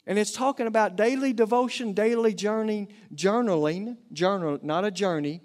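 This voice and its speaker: A man's voice: sits high, moderate pace, hardly any pauses, a little mellow. A middle-aged man with an Oklahoma Southern accent, preaching a folksy, conversational sermon to a congregation.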